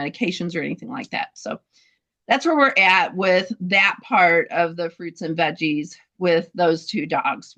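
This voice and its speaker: A woman telling a heartfelt story about her dogs' health, halting, with many fillers and restarts. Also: fairly low pitch, fairly bright tone. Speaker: dog breeder sharing a testimonial. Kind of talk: casual testimonial in a group talk.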